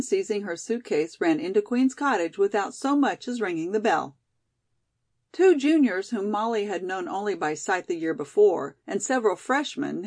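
A woman narrating a novel chapter in a steady, even voice. Her pitch sits in the middle of the usual range. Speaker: audiobook reader. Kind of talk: scripted narration.

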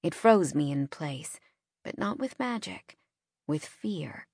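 A woman's voice: low-pitched, expressive, slow pace, vocal fry, husky, no echo. A woman narrating a first-person audiobook in a tense, dramatic style, recorded close in a studio. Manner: tense, dramatic storytelling with hushed drops. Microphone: close studio mic.

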